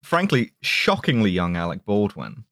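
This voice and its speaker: A man's voice: fairly low pitch, sing-song, normal speed, fairly bright tone, dry recording, studio quality. A man on a podcast, casually recapping a movie, joking and laughing between fillers. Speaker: podcast host summarizing a film. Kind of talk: casual chat.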